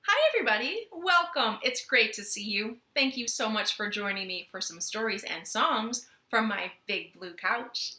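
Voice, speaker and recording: A woman's voice: fairly high pitch, animated, normal speed, hardly any pauses, pushed and bright, roomy sound. A young woman leading a children's storytime from her living room, playful and sing-song as she talks to the kids.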